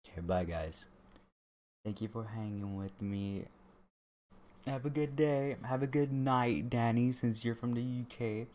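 A man with an unhurried, mid-range, somewhat dark voice chats casually with his viewers on a livestream. He rambles and jokes while speaking straight to them.

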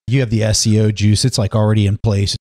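A man with a fairly low voice hosts an interview, asking questions and chiming in with brief, supportive remarks. The sound is dry and close to the mic. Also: level tone, fast, a little mellow, dry recording. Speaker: podcast host.

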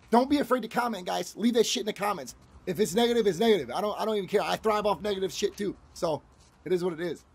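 A man's voice: high voice, husky. A man giving casual let's-play commentary as a gaming channel host, rambling, repeating himself and swearing freely.

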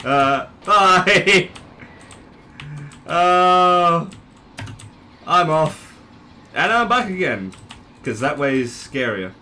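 A young man giving casual gameplay commentary, unhurried, swearing and laughing at his own plays. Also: medium pitch, sing-song, sharp tone, slight background noise. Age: young adult. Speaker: gaming channel host.

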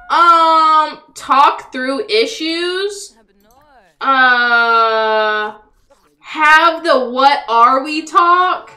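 This young woman livestreams a life-sim game, giving loose, foul-mouthed commentary and answering back to the characters. Her voice sits high with a sharp edge, and she speaks extremely slowly.

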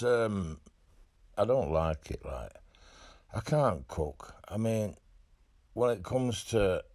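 A man's voice: fairly low pitch, a little mellow. A man voicing a lonely animal lad who talks in a hesitant, stammering, self-deprecating way with a Yorkshire accent. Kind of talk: comic animal voice-over.

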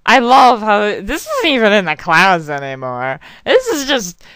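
A woman's voice: mid-range voice, wildly swooping pitch, a little slow, fairly bright tone, no room sound. A young woman rambling and swearing through casual let's play commentary as a game channel host, apologizing often.

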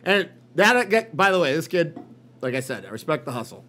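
Animated high-voiced man. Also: brisk, slight background noise. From Boston. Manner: animated, swearing, mocking impressions. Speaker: podcast co-host. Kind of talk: casual profane chat.

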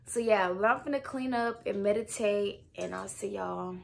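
A woman's voice: medium pitch, vocal fry. A young woman from Texas, chatting casually to camera at home in a vlog. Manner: chatty and animated, drawn-out exclamations; often drops to a soft whisper. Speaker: vlogger. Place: at home indoors.

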